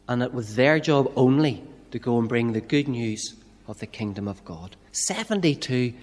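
Northern Irish minister preaching in a reverberant church. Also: male voice, medium pitch. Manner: conversational preaching with rhetorical questions. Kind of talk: sermon.

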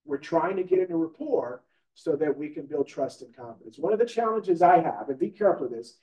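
A man's voice: a little high, expressive, a little fast, warm tone. A man teaching a live training class in a conversational way, often asking the room questions and checking in with "right?". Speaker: real estate trainer. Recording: echoey room recorded from a distance.

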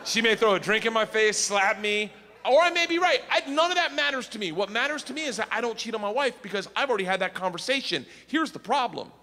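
A man doing stand-up storytelling, animated and shouting his punchlines, recorded live in a reverberant hall. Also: high voice, fast. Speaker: stand-up comedian. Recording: live comedy hall reverb, faint noise.

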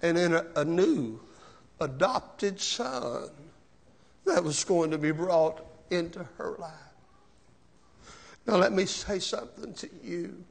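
A man preaching a sermon as pastor, slow and emotional, with rising shouted cries and repeated words. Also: high-pitched, lively intonation, vocal fry, slightly rough. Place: church sanctuary.

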